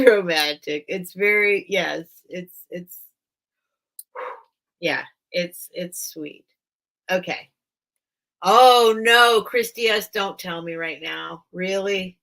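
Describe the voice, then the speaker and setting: A woman hosting a casual live sale stream, reading a children's book aloud and choking up, with halting restarts. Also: lowish voice, creaky, fairly bright tone. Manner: emotional, choking up while reading; slow, halting, with many restarts.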